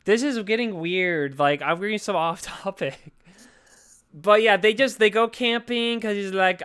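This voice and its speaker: High, clear-voiced joking young man. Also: measured pace, fairly bright tone. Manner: profane, rambling, joking. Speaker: podcast co-host. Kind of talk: casual movie review chat.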